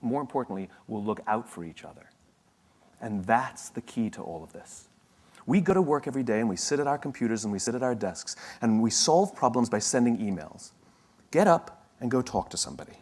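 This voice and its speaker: A man's voice: mid-range voice, darkish tone. Male motivational speaker, mid-range voice, chatty and wry, tells anecdotes with asides. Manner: conversational and wry, with self-corrections and asides. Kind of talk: motivational talk with storytelling.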